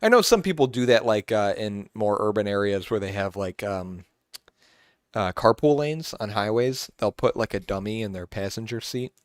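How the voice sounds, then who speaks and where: A man's voice: lowish voice, lively intonation, moderate pace, no room sound, studio quality. A man co-hosting a casual podcast, easygoing, laughing often and dropping in short reactions. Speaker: podcast co-host. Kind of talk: casual chat.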